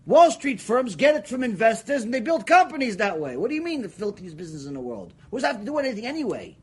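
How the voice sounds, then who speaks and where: A man's voice: very high-pitched, big pitch swings, fast, breathy edge. A man giving a Torah ethics lecture as a rabbi, emphatic and argumentative, firing off rhetorical questions.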